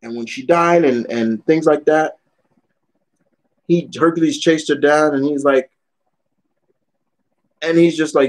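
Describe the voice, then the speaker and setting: A man's voice: mid-range voice, unhurried, pauses often, rough recording. A young man ranting bluntly and with animation while chatting casually on a live stream, swearing often as he answers viewers' questions.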